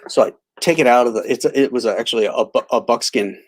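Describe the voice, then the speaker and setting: Rambling middle-aged man telling stories. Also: mid-range voice. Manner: rambling, halting restarts, laughs easily. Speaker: livestream host. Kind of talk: casual storytelling and chat.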